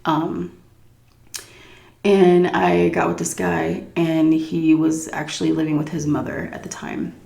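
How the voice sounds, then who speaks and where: Brief: frank, giggly vlogger woman, middle-aged, low gravelly voice, roomy echo. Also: level tone, unhurried, warm tone. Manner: candid, crude, giggly. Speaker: YouTuber answering viewer questions. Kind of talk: casual Q&A chat.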